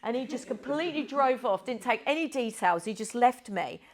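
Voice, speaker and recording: A woman's voice: fairly high pitch, expressive, moderate pace. A middle-aged woman, a yoga teacher, giving an informal spiritual talk with candid, chatty storytelling.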